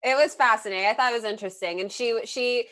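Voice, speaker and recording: A woman's voice: a little high, quick pace. Chatty woman sharing gossip. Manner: chatty, relaxed storytelling. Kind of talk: casual chat.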